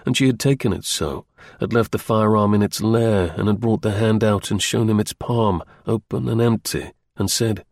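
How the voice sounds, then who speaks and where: Guy with a low voice reading a novel aloud, steady pace, dry sound. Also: moderate pace, hardly any pauses, no echo. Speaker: narrator. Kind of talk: scripted audiobook narration.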